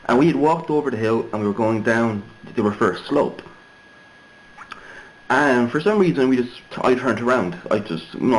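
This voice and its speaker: Low-voiced Irish man rambling a story. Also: a little hiss or hum, low-quality recording. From Ireland. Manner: rambling, digressive, many fillers and restarts. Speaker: vlogger. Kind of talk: casual storytelling.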